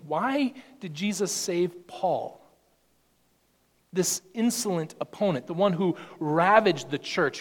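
Man, preacher, sermon, fairly high voice, long hall reverb. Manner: expository preaching, quoting scripture and acting out Paul's voice.

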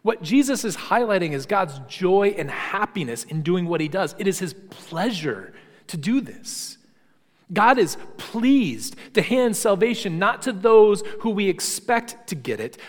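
A male preacher delivers a sermon in a slightly high voice. He speaks emphatically, stacking repeated phrases to drive his points home. His voice rings out with a long reverb, as if in a large church hall. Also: very animated, unhurried.

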